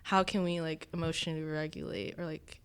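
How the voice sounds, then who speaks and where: A woman's voice: deep voice, little pitch movement, brisk, clear, resonant tone. A young woman with a Californian accent, reflecting thoughtfully in a casual podcast chat. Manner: reflective, thinking aloud.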